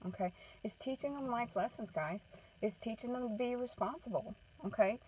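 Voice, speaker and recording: A woman's voice: a little high, fairly quick, slightly rough. Woman, parenting advocate, casual earnest advice, checks in with listeners, distant tinny sound. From Maine. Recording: tinny phone-like sound from off the mic.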